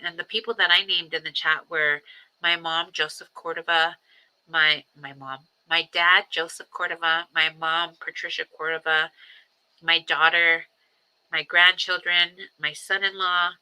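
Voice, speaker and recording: A woman who is a grandmother, hosting a personal livestream and talking reflectively, with frequent ums, pauses and repeated phrases. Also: on the low side, fairly even intonation, pushed and bright, smooth, poor audio. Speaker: livestream host. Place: home livestream.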